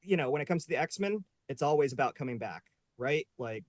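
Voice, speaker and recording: A man's voice: mid-range voice, lively intonation, a little fast, no room sound. A man hosting a live online panel show, upbeat and joking, with many fillers. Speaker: host. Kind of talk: casual live panel chat.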